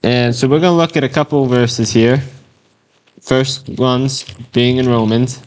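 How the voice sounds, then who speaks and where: A man's voice: mid-range voice, fairly even intonation. Man plainly reading a devotional story aloud. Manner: plain, unhurried reading aloud with occasional slips and fillers. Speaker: Bible lesson reader.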